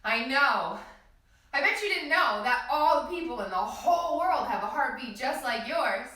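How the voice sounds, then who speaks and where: A woman leading a yoga class for small children, in a sing-song, gently encouraging way. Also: high-pitched, expressive, normal speed. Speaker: kids yoga teacher. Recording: echoey room, voice from a distance.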